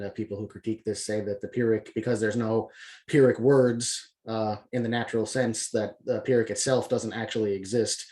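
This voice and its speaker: Laid-back man giving a poetry lesson. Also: fairly low pitch. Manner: relaxed, many filler words, loose and unscripted. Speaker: poetry press publisher teaching poetic meter. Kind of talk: casual explanatory video lesson.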